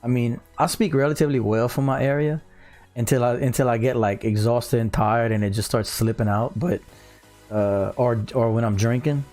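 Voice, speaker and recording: A man's voice: medium pitch, fairly even intonation, moderate pace, darkish tone, faint music behind. A man in his thirties with a Cajun Louisiana accent, hosting a casual livestream from home, chatting easily and reading viewer comments aloud. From South Louisiana. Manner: laid-back, reads chat aloud, drawls "y'all". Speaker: livestream host. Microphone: studio mic on a boom.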